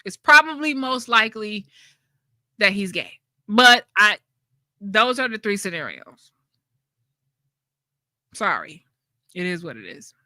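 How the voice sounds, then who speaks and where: Blunt woman host, bright and sharp. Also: medium pitch, big pitch swings, slow, long pauses, dry recording. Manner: blunt, laughing often, with slang. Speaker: channel host. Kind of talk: casual livestream chat.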